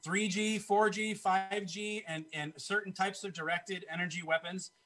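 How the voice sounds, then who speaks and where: Bright-voiced emphatic man guest. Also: sits high, steady tone, moderate pace. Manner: emphatic, repetitive, conspiratorial. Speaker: podcast guest. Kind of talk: casual conversation.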